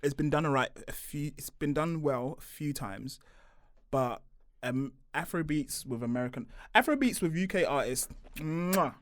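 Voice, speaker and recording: A man, a podcast guest in casual, animated chat, joking and laughing as he argues. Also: on the high side, moderate pace, no room sound, studio quality.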